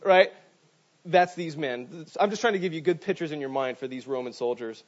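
Animated male preacher, lo-fi sound. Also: fairly high pitch, normal speed. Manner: animated storytelling with frequent "right?" asides. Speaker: pastor. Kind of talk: sermon. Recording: dull lo-fi sound.

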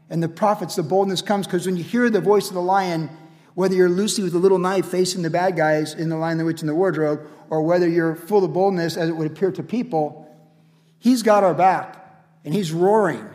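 A man preaching a sermon as pastor, energetic and casual, building repeated refrains. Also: on the high side. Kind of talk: radio sermon. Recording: long hall reverb.

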